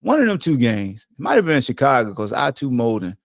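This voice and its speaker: A man's voice: mid-range voice, fairly quick, no room sound, clean studio sound. A middle-aged man hosting a podcast, telling football stories in a blunt, profane, emphatic way. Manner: animated, profane, emphatic storytelling. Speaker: podcast host, former football player. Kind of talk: casual monologue to a co-host.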